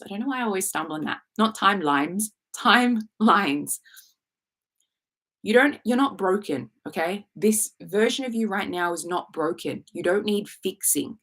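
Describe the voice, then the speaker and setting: A woman's voice: lowish voice, a bit bright. A woman coaching on a live stream, talking bluntly and sassily, swearing freely and acting out quoted inner thoughts. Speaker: manifestation coach.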